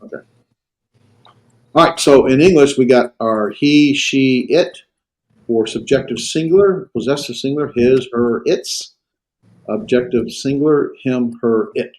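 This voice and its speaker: Man, Greek teacher, classroom lecture, middle pitch, halting, lots of fillers, checks in with students. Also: darkish tone, poor audio. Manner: halting, with frequent fillers and restarts.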